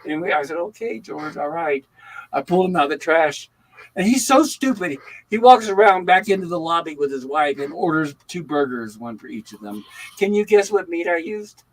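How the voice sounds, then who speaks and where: A man's voice: on the high side, fairly quick, low-quality recording. Older man telling stories casually. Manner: animated storytelling. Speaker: livestream host. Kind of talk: casual chat.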